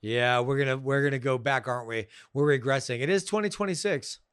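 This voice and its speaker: A man's voice: medium pitch, a little fast, a bit bright, clear, resonant tone, no echo, studio quality. A man co-hosting a podcast, blunt and sarcastic, swearing freely in casual film talk. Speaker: podcast co-host. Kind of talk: casual film review chat.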